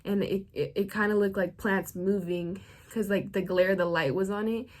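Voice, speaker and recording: A woman's voice: medium pitch, steady tone, normal speed. A young woman vlogger telling a story to camera in a casual, chatty way, full of slang and "like.". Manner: chatty, filler-heavy slang, frequent "like".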